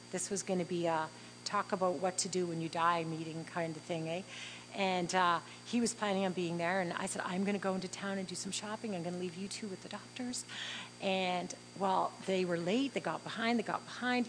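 A middle-aged woman recounts a personal story in an earnest, heartfelt way. She talks at a mid pitch, pauses often with fillers, and speaks over a faint background hum. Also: poor audio. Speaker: interviewee.

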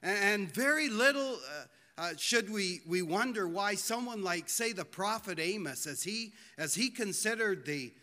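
A man preaches to a congregation in an earnest, pleading voice, drawing out key words. His voice sits high and sounds bright and forceful. The sound rings with the long reverb of a church hall. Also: animated. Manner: earnest, pleading, slows for emphasis. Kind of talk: sermon.

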